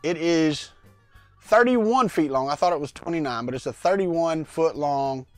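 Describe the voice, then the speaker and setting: Soft background music accompanies a middle-aged man hosting a casual livestream from his home workspace. His voice is on the high side, expressive and unhurried, dry through a lavalier mic, as he rambles and greets chat viewers by name in this live-chat vlog.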